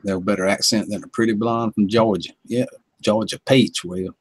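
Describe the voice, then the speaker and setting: A man's voice: lowish voice, fairly even intonation, moderate pace, slightly rough, no room sound. A man hosting a casual home livestream, chuckling often and greeting chat viewers by name. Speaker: livestream host.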